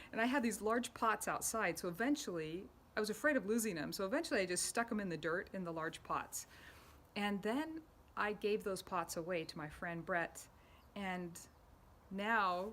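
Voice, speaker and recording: A middle-aged woman sharing a personal story about her rock art in an earnest, heartfelt way, with soft laughs and quiet emotional moments. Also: medium pitch, slight background noise.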